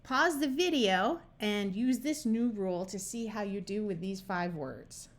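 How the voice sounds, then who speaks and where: Slow, patient American woman teaching phonics. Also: mid-range voice, expressive. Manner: patient, spells out sounds and words one by one. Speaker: reading tutor. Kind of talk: slow, careful phonics lesson.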